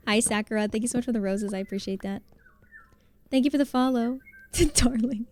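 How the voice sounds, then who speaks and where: A woman's voice: a little high, fairly even intonation, moderate pace, a little mellow, slight background noise. A woman streaming a game live, chatting casually, laughing often and answering her chat as she plays.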